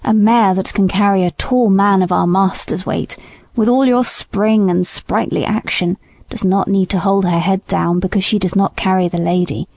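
A woman voicing an indignant old male horse who speaks low and gravely. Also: fairly even intonation, normal speed, a little mellow, dry recording. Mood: consoling.

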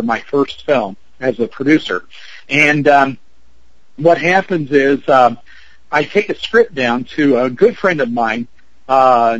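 A man's voice: mid-range voice, dry recording, muffled recording. A man in his fifties, an actor and producer, telling a story in an interview in a chatty way, with lots of fillers and acted-out quotes. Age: 50s. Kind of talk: anecdote in an interview.

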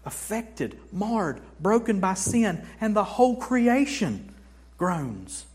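A male pastor preaching a sermon in a church, swinging between hushed passages and forceful, emphatic declarations. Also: sits high, big pitch swings, slow, breathy edge.

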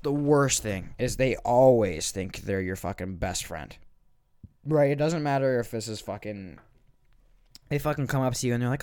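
A man's voice: medium pitch, moderate pace, a little mellow, smooth, dry recording, clean studio sound. A young man hosting a podcast, telling a comic rant full of swearing, rambling and restarts. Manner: profane, rambling, restarts often. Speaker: podcast host. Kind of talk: comedic rant.

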